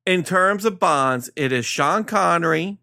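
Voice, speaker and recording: A man's voice: a little high, expressive, measured pace, vocal fry, sharp tone, no echo, studio quality. A man co-hosting a podcast in casual chat, blunt and argumentative. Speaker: podcast co-host.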